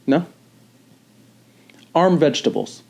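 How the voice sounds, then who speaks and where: A man's voice: fairly high pitch, animated, takes it slowly, creaky, a loud crowd. A man co-hosting a movie-review podcast, talking casually in an earnest, rambling way with jokes. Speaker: podcast co-host.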